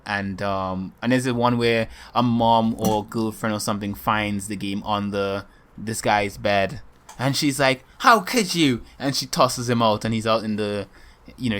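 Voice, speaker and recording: A man co-hosting a podcast in casual chat, talking in a rambling, halting way with lots of ums and restarts. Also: on the low side, a bit bright. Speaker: podcast co-host.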